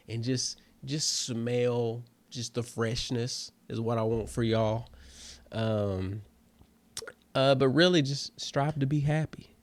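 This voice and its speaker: A man's voice: medium pitch, no room sound. A comedian hosting his own show, chatting casually and loosely to listeners with lots of fillers and calling them family. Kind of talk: casual solo chat to listeners.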